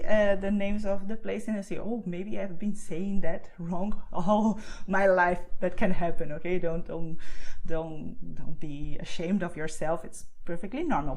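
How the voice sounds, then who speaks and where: A woman, teaching a beginner lesson, who explains slowly and keeps checking in with "okay?". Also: medium pitch, a little mellow. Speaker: Spanish teacher. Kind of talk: online language lesson.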